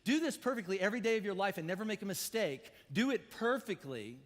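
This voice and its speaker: A man preaching a sermon as pastor, animated and swinging from loud to hushed. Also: sits high, quick pace, in a large hall. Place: church auditorium.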